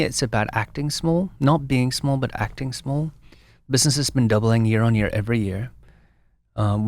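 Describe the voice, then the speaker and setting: A man guest and brand founder in a casual interview, an animated storyteller with frequent restarts. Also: fairly low pitch, dry recording.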